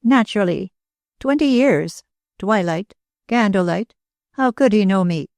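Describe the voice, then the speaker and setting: A cynical little old man with an elfish, mocking edge, delivered sly and clipped in an audiobook, as a woman narrator puts him on. His voice sits a touch higher and lighter than the narration around it. The recording is close and dry. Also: expressive, measured pace, vocal fry, a little mellow, no room sound. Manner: sly, jeering, clipped and curt.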